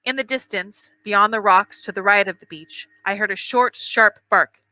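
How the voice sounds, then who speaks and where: A woman narrating a novel in the first person, measured and expressive. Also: mid-range voice. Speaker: audiobook reader.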